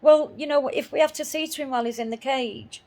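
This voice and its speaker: A woman's voice: high voice, fast, gravelly, darkish tone. Indignant woman telling a story. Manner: indignant, retells arguments with repeated phrases. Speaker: dog owner telling her story. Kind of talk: spoken personal account.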